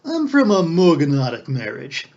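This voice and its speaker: A man voicing a smooth-talking young male con man with a bold, cheeky manner. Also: on the high side, huge pitch swings, moderate pace, darkish tone, full character voice. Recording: dull lo-fi recording.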